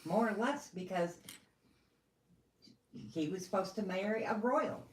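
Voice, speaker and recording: A woman's voice: medium pitch, measured pace, roomy sound, low-quality recording. A woman, the host's mother, chatting casually from off-camera with short, dry replies. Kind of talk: casual chat.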